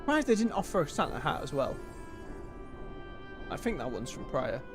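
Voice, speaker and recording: A man with a somewhat high voice streams a role-playing game and chats as he goes. His pitch rises and falls freely as he muses out loud. Soft game music plays faintly behind him. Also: big pitch swings, normal speed. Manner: chatty, thinking aloud while playing. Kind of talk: casual live-stream commentary.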